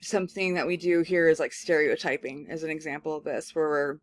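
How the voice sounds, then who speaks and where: A woman's voice: sits low, brisk, no room sound. Chatty woman professor, dry sound. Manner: casual, animated storytelling full of "like" fillers. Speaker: communication studies professor. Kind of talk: recorded lecture with personal anecdote.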